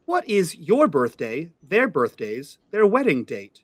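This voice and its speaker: A man's voice: on the high side, wildly swooping pitch, a little slow, dry recording, exaggerated voice. A man voicing a computer in a tabletop game, asking formal, clipped questions. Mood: interrogating. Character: terse questioning computer, genderless.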